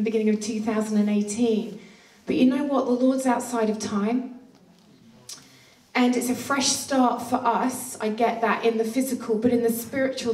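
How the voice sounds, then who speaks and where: Woman preacher, passionate, playful, slightly high voice, echoey church hall. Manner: passionate, playful, with laughs and sudden hushed asides. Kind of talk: sermon. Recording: roomy church hall, distant mic.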